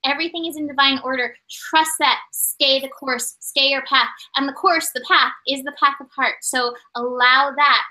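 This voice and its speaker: A woman's voice: high voice, steady tone, moderate pace, few pauses, bright, forceful tone, poor audio. A woman giving a casual oracle card reading, earnest and reflective, repeating key phrases. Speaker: tarot and oracle reader.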